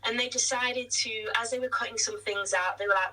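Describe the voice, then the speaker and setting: A woman, a musical theatre actress, chatting in an interview with quick self-deprecating asides. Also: fairly high pitch, fairly even intonation, pushed and bright, recorded from a distance, low-quality recording. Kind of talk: casual interview chat.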